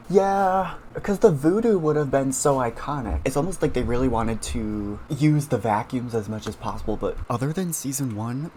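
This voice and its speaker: A man's voice: medium pitch, a little hiss or hum. Chatty man reacting to cartoon clips. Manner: chatty, many fillers, chats with viewers. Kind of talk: casual reaction commentary.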